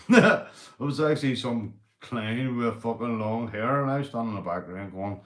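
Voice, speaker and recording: A man's voice: mid-range voice, normal speed, a bit bright, reverberant. A tipsy Northern Irish man hosting a livestream, rambling, swearing and laughing often as he chats to viewers. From Northern Ireland. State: tipsy after a few beers. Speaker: livestream host. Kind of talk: casual livestream chat.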